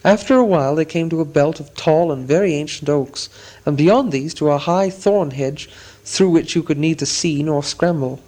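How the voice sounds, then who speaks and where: A man narrating a storybook in a steady, descriptive audiobook reading. His voice sits slightly higher than most men's. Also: normal speed.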